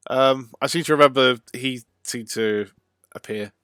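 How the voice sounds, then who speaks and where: A man's voice: mid-range voice, unhurried, sharp tone, clear, resonant tone, no echo. Chatty male streamer, dry close sound. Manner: chatty, rambling, with frequent ums and uhs. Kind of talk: casual let's-play livestream commentary.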